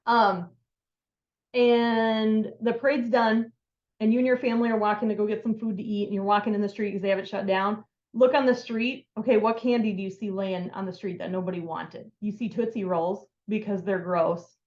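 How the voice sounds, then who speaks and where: A woman's voice: medium pitch, fairly even intonation, moderate pace, a little mellow, roomy sound, lo-fi sound. A woman giving a casual, upbeat how-to talk on sales and networking, full of filler words. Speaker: sales trainer.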